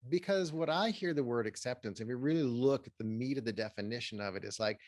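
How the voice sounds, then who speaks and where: A man's voice: medium pitch, a little mellow, no room sound. Earnest man therapist, dry sound. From Pasadena, California. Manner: earnest, measured, explanatory. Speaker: therapist and author, guest. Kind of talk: interview answers, advice.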